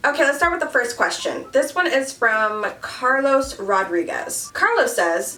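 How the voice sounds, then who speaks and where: A woman's voice: a little high, sing-song, normal speed, pushed and bright, soft background music. A young woman chatting casually while doing her makeup, frank and joking, cursing freely as a beauty vlogger. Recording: voice a bit far from the mic.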